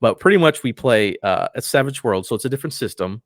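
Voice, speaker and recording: A man who is a voice actor and podcaster, a guest in a casual interview, talking in a relaxed, enthusiastic way and often trailing off softly. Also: mid-range voice, fast, no echo, studio quality.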